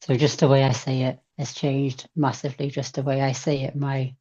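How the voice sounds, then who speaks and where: A woman chatting in a group video call, lively when she acts out what she says to others. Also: rumbling low, moderate pace, dull audio. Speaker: group participant.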